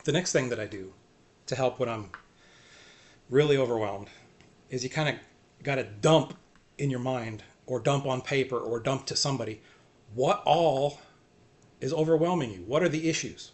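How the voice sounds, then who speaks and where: Guy talking about faith and getting through hard days, earnest, soft, lots of short repeated lines. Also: medium pitch, normal speed, long pauses. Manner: earnest, self-encouraging, repeats short phrases. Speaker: faith vlogger. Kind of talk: personal faith talk to camera.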